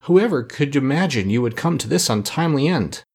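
A soft-hearted storybook tin man done by a husky man reader, voiced well above the reader's low tone. He speaks with tender care and a lively lilt. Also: brisk. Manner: tender, caring speech. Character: tin man, male, gentle and loyal. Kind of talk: storybook reading.

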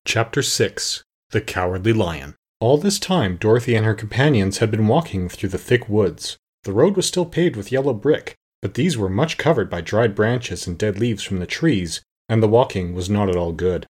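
A man narrating an audiobook in a steady, expressive storytelling manner. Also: on the low side, normal speed, few pauses, husky. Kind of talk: scripted narration.

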